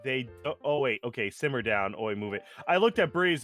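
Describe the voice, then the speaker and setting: Male podcast co-host: lively, casual, swears freely, with a bright, forceful tone. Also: medium pitch, brisk, faint music behind. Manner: animated, laughs often, swears freely. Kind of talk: casual chat.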